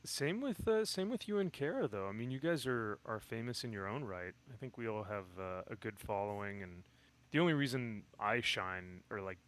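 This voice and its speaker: Man, fairly low voice, livestream guest, easygoing, chuckling. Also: expressive, moderate pace, fairly bright tone. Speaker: guest streamer. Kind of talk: casual chat on a livestream.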